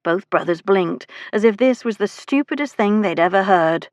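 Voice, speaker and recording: A woman narrating a historical romance audiobook in a measured, even storytelling voice. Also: mid-range voice, no echo, clean studio sound. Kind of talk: scripted narration of a romance novel.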